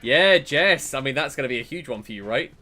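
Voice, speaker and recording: Bright-voiced man chatting over gameplay. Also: mid-range voice, brisk. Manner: chatty, excitable. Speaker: podcast host and streamer. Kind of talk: casual chat while playing a game.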